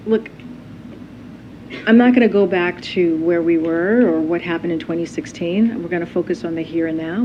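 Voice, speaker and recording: A woman answering questions as press secretary at a briefing, measured and firm, repeating her key phrases. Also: on the low side. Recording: dull briefing-room audio with faint noise.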